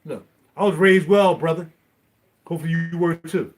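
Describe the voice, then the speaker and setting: A middle-aged man talks straight to his viewers in a loose live-stream chat. His voice sits a little high for a man. He rambles from one thought to the next as he goes. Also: normal speed. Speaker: vlogger.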